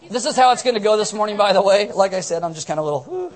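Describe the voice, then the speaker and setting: A man's voice: high-pitched, lively intonation, rapid-fire. A man leading a church service as pastor, rambling and joking through announcements while drowsy on cold medicine. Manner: rambling, joking, self-mocking. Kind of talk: casual sermon with announcements.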